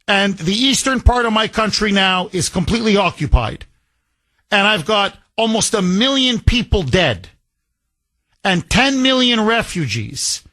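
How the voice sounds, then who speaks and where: A combative male talk radio host tears into his subject in an emphatic, scornful monologue. His voice sits high for a man and sounds bright and forceful. He is speaking into a studio microphone.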